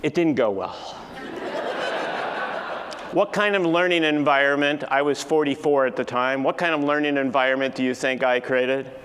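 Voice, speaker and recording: A man's voice: medium pitch, normal speed. Older guy telling a keynote story, echoey hall, faint room hum. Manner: animated storytelling, acts out family dialogue. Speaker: keynote speaker. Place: large conference hall.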